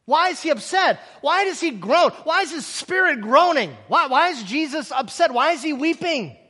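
A man's voice: very high-pitched, lively intonation, moderate pace, pushed and bright, in a large hall. A man preaching a sermon, acting out scripture scenes and asking rhetorical questions.

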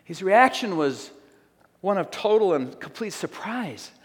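A man delivers a sermon, reading a story aloud with earnest, slow emphasis. His voice sits a little higher than most men's. The sound rings with the long reverb of a large hall. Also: very animated. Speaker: preacher.

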